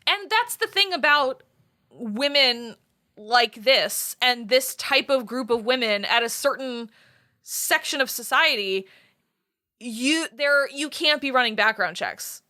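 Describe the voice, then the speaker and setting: A woman co-hosting a podcast, chatting casually through a TV episode recap with quick asides. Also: high-pitched, expressive, pushed and bright. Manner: chatty, quick asides, laughs between points. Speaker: podcast co-host.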